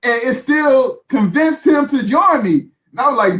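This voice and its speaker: A man's voice: very high-pitched, animated, moderate pace, hardly any pauses, fairly bright tone. A young adult man telling his marketing story in an emphatic, repetitive, motivational way on a live call. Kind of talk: animated talk on a live call.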